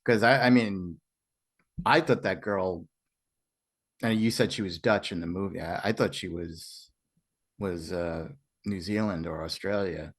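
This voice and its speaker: Low-pitched guy, podcast host, short hesitant replies. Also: unhurried, pauses often, husky. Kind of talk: casual film discussion.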